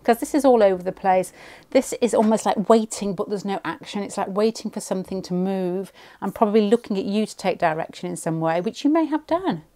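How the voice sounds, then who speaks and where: A woman reads tarot cards at home for a pick-a-card video, with a voice pitched in the middle range. She thinks aloud as she goes and rambles through her reading. She often breaks off and restarts her sentences. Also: expressive, a little fast, hardly any pauses, warm tone.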